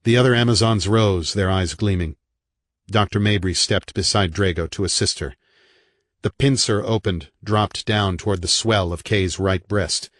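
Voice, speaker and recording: A man reading a horror novel aloud in a dramatic, measured narration. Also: lowish voice, no room sound, studio quality. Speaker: audiobook narrator.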